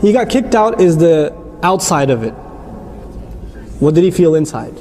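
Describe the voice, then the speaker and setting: A middle-aged man preaching a sermon-style lecture, explaining with rhetorical questions and turning animated at times. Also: on the high side, moderate pace, pauses often. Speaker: Islamic preacher.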